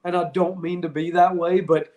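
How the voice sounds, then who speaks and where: Middle-aged man, podcast guest; candid, rambling storyteller with a slightly high voice. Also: flat delivery, normal speed, warm tone. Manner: candid, rambling, heartfelt, with frequent restarts. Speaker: podcast guest, retired wrestler. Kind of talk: casual interview storytelling.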